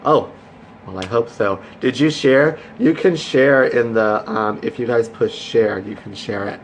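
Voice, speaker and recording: A man hosts a casual Facebook Live stream, chatting effusively, greeting viewers by name and cheering them on. His medium-pitched voice moves at a measured pace over a little hiss or hum.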